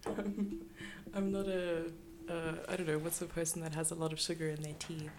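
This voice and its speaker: A woman's voice: low voice, flat delivery, normal speed, darkish tone, slight background noise. A woman co-hosting a casual podcast from home, giggling often and narrating small events with mock ceremony. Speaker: podcast co-host. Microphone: podcast microphone.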